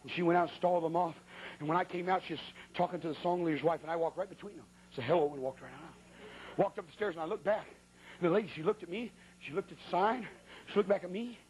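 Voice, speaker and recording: A man preaching a sermon, telling a comic story with folksy, animated, exaggerated delivery. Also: high voice, quick pace, poor audio.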